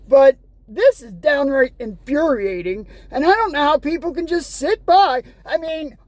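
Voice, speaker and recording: An American woman with a high-pitched voice delivers an angry, sarcastic, exasperated vlog rant, occasionally reading news headlines aloud. She sounds animated yet unhurried, with a darkish tone, and her voice is close and dry in the recording.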